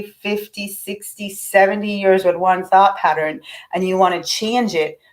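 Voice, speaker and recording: A woman's voice: mid-range voice, rough recording. A middle-aged woman giving a casual, earnest teaching talk on affirmations. She is encouraging and often restarts her sentences.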